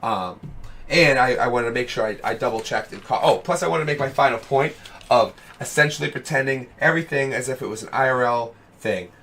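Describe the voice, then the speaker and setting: A young man with a hoarse, worn voice, streaming and chatting casually with his viewers, rambling with lots of fillers and calling them dude and brother. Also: mid-range voice, fairly quick, fairly bright tone, slight background noise. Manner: rambling, fillers of "you know what I mean". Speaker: streamer hosting a web show. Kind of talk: casual live-stream chat. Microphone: headset.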